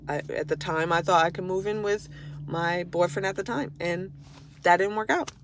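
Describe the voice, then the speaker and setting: A woman from Florida vents in an unscripted personal vlog, blunt and profane, frequently restarting sentences out of frustration. Her voice is fairly low, her pace moderate, with slight background noise.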